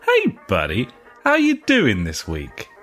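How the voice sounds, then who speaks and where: A man's voice: on the low side, wildly swooping pitch, slow pace, fairly bright tone, soft background music. A man hosting a gaming podcast, chatting playfully and teasing his co-host. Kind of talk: casual chat.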